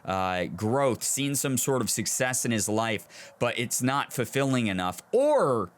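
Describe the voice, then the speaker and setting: A young man in the middle of a pitch range talks through a game as he plays it. His delivery is animated and he thinks aloud, moving between excited reactions and reflective comments. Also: a little slow. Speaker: gaming video host. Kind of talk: let's play commentary.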